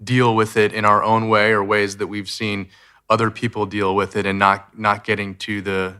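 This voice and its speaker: A male podcast host with a bright, forward voice and a lowish pitch. He listens attentively, drops in short replies, then talks casually about the topic. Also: level tone, normal speed, clear, resonant tone. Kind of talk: conversational interview.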